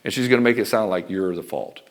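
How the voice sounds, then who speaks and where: A man's voice: fairly low pitch, fast. A middle-aged man giving blunt, profane relationship advice straight to camera as a coach. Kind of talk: direct-to-camera advice talk.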